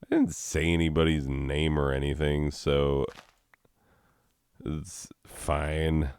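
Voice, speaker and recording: A man's voice: very deep voice, steady tone, slow pace, darkish tone, clean tone, dry recording. A man who works as a schoolteacher, rambling and swearing through casual game commentary and laughing at his own jokes.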